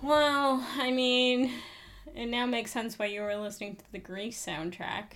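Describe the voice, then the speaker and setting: A woman co-hosting a casual podcast, talking in a relaxed, chatty way. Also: a little high, moderate pace, soft background music. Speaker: podcast co-host.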